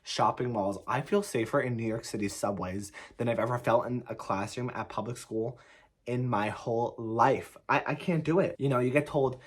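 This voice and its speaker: A man's voice: medium pitch, normal speed, husky. A young man tells a story to the camera in a casual, emphatic way, swearing often and filling with "like". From United States. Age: young adult. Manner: emphatic, profane, heavy on "like" fillers. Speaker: vlogger.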